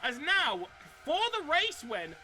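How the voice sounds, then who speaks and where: A man commentating live on a sim racing league race, excitable and often stumbling over his words. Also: extremely high pitch, takes it slowly, a little hiss or hum.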